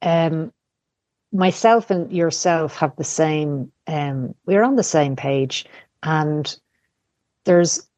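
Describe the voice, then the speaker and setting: A woman speaking as a podcast guest in casual chat, candid and searching for words, pausing and restarting. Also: deep voice, darkish tone, no echo.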